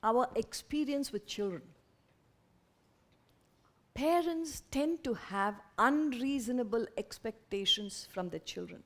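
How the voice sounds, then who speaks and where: A woman speaks to an audience in an earnest, lively way. Her voice sits a little high, and she slips into quick imitations of parents now and then. It is a spiritual talk, delivered in a lecture hall.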